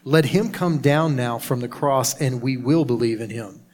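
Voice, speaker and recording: Male pastor, mid-pitched voice, steady measured scripture reading.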